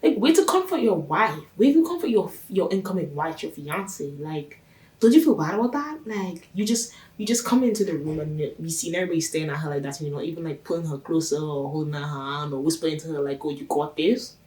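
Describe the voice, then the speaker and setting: A woman's voice: sits low, animated, fast, darkish tone. A woman hosting her own channel, recapping a TV series in a chatty, gossipy way and stressing her points by repeating them. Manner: chatty, gossipy, emphatic with repetitions. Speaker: reaction channel host. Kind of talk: casual TV recap commentary. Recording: roomy sound from a distance off the mic.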